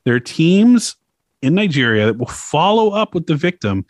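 The podcast host is a man with a slightly high, very animated voice and a moderate pace, recorded clean in a studio with no room sound. He chats casually about a topic, loose and laughing, with plenty of swearing.

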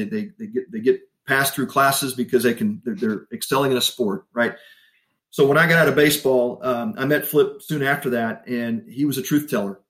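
A middle-aged man telling a personal story in an interview, animated and laughing often. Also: mid-range voice. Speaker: guest.

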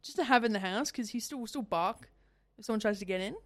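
A woman's voice: on the high side, quick pace, no room sound. A woman hosting a radio talk show, chatting casually and rambling a little as she talks. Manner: chatty, rambling, self-interrupting. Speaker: radio host. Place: radio studio.

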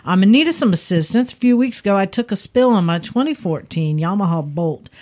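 A woman voicing a young male Texan rider's letter in a mild put-on Texan accent, reading slowly and earnestly. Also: medium pitch, expressive, a little mellow, natural voice.

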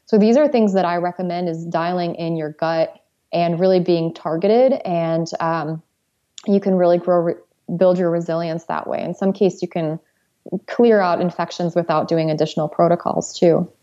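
A woman's voice: on the low side, steady tone, moderate pace, mellow, dull audio. A woman, a pharmacist guest, explaining treatments in a matter-of-fact way. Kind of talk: interview answers.

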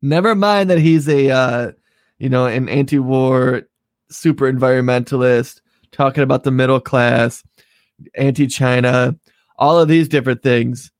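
A man's voice: medium pitch, steady tone, unhurried, dry recording. Opinionated man on a podcast. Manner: opinionated, swearing, conversational. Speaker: podcast co-host. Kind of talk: casual political chat.

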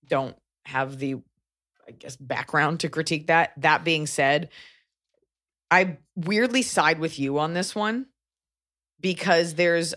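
Low-voiced blunt woman chatting. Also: fairly bright tone. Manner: blunt, wry, quick asides. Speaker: podcast co-host. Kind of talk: casual chat.

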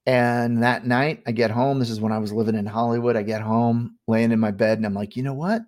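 A middle-aged man casually telling a spooky family story on a podcast, animated and full of fillers. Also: medium pitch, fairly quick. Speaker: guest storyteller.

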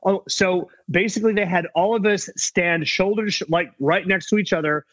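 A middle-aged man with a fairly high voice spins a loose, rambling anecdote from a film set. He restarts often and slips in quick impressions of others. The sound is close and completely dry. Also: fairly even intonation, a bit bright, dry recording, dull audio. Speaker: guest actor telling set stories. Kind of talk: casual anecdotal storytelling.

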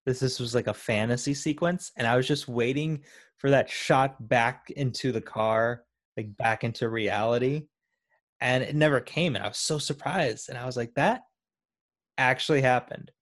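A man's voice: mid-range voice, normal speed. A man in a casual movie talk, chatty with many fillers. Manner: chatty, filler-heavy, laughing along. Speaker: podcast co-host.

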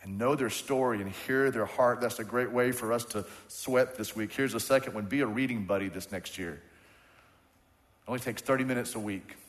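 A man's voice: medium pitch, moderate pace. A man preaching a sermon as pastor, leading the congregation in call-and-response and hammering his points with repetition. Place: church sanctuary. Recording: church hall with long reverb.

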